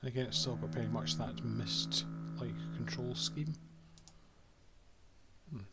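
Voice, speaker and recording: A man's voice: mid-range voice, steady tone, slow, creaky, over loud music. A Scottish man giving casual, dry commentary while playing a game. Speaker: let's play host.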